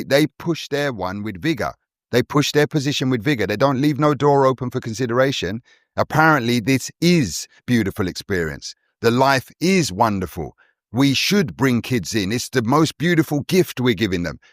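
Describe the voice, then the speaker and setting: A man's voice: medium pitch, animated, moderate pace, no echo, studio quality. A man holding forth on a podcast in a preachy, emphatic way, hammering his points with repetition. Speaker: podcast co-host. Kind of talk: forceful monologue.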